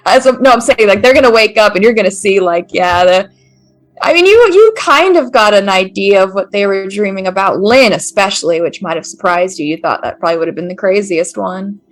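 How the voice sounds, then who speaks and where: A woman's voice: medium pitch, animated, brisk. A woman running a tabletop game as game master, narrating in a loose, casual way.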